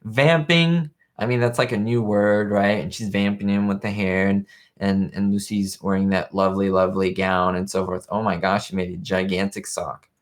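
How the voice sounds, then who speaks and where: A man's voice: low voice, completely flat delivery, moderate pace. Chatty man hosting a live stream. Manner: chatty, rambling, reads viewer chat aloud. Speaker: show host. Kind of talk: casual live-stream commentary. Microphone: webcam live stream.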